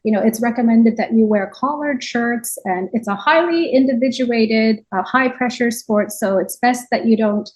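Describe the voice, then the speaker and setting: Woman interview guest, slightly high pitch, reflective and animated. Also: normal speed, few pauses, low-quality recording. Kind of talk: conversational interview.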